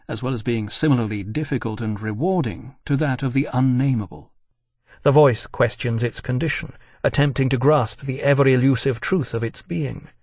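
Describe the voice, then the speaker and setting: A man narrating a scripted documentary in a measured, deliberate way, recorded as a studio voice-over. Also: mid-range voice, darkish tone, no room sound.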